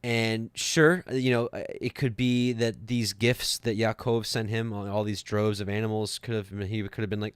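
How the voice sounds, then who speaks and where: A man's voice: on the low side, fairly even intonation, moderate pace, few pauses, clear, resonant tone, no room sound. A man teaching scripture casually, rambling with many fillers and restarts and chuckling now and then. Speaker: Bible teacher.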